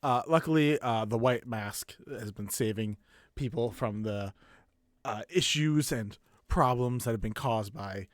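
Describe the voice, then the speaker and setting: A man's voice: medium pitch, measured pace, no room sound, clean studio sound, close to an everyday voice. A man voicing a scornful male city bartender who talks with disdain in an odd put-on accent. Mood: disdainful.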